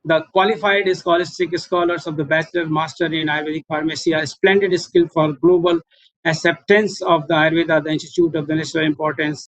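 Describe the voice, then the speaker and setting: A middle-aged man with an Indian English accent gives a formal webinar presentation as a professor. He often pauses with 'uh' and repeats points for emphasis. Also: on the high side, flat delivery, no room sound. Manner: halting, with frequent 'uh' pauses and emphatic repetition. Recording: dull lo-fi webinar audio.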